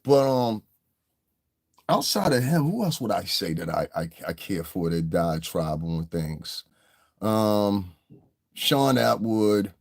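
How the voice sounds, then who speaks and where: A man's voice: on the low side, big pitch swings, slow pace, gravelly. A man in a casual livestream rant, talking in a blunt, heated, profane way as the show's commentator.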